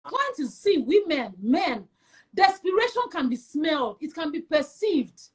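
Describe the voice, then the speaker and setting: A young woman with a Nigerian accent, telling her personal story as an interview guest in an emphatic, animated way. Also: high voice, a little slow. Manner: emphatic and animated, acts out quoted voices.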